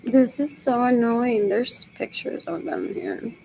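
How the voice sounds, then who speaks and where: Gravelly woman muttering a slow monologue. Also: fairly high pitch, a little hiss or hum, rough recording. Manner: repetitive, muttering to herself. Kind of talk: rambling solo monologue.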